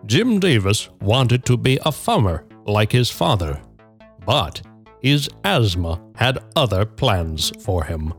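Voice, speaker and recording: A man hosting a podcast, reading a prepared story in a measured, dry way that builds to punchlines. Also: on the low side, very animated, soft background music. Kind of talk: scripted narration with casual banter.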